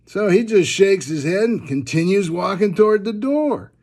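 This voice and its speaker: A man telling a bawdy joke in an unhurried, drawling storyteller manner. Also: high-pitched, animated, darkish tone. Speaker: joke teller.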